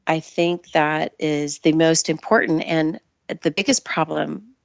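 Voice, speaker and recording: A woman guest, an Ayurvedic practitioner, talking in a thoughtful, measured way on a remote interview. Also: sits low, fairly even intonation, creaky, dry recording. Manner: thoughtful, measured, restarts phrases. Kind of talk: casual interview chat. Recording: dull lo-fi dry sound.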